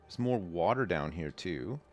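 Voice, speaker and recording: Low-voiced man rambling over gameplay. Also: lively intonation, a little slow, darkish tone. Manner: rambling, self-deprecating, reads game text aloud. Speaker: livestream host. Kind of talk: casual gameplay commentary.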